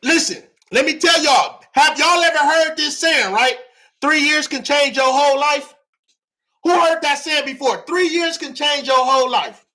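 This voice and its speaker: Hosting a livestream, a man teaches his viewers about money and real estate in a hyped, preachy style, often repeating himself and dropping slang. His voice is extremely high-pitched, bright, and forceful, and he takes his time.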